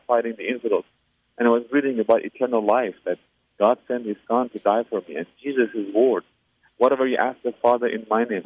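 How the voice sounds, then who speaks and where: A man's voice: medium pitch, no room sound. A man from Iran, giving an earnest personal faith testimony in an interview, with frequent hesitations and fillers. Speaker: interview guest. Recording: tinny phone-line sound, dry.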